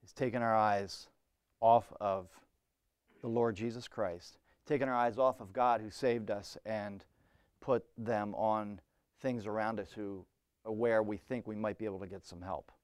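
A man's voice: lowish voice, fairly even intonation, unhurried, clear, resonant tone, no room sound, clean studio sound. A man preaching a sermon in an earnest, conversational way, often restarting phrases and adding "you know".

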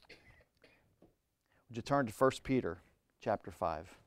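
A man's voice: fairly low pitch, expressive, unhurried, no echo. A man preaching a sermon in an earnest, conversational way, often restarting phrases and adding "you know".

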